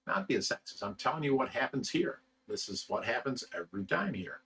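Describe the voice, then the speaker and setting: A man's voice: medium pitch, animated, brisk, creaky, a bit bright, slightly rough, recorded from a distance. A man hosting a livestream, chatting casually and reading viewer comments in a blunt, rambling way, swearing freely. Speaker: livestream host reading chat.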